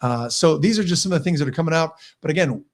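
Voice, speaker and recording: A man's voice: fairly high pitch, lively intonation, fast talker. A middle-aged man hosting a weekly trading show, talking energetically and asking viewers rhetorical questions. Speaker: host. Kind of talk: market commentary show.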